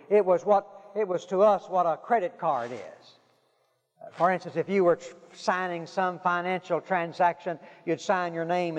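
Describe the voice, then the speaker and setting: A man preaching a sermon, telling stories with dramatic pauses and dropping to a hush for emphasis. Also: on the high side. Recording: dull sound with long hall reverb.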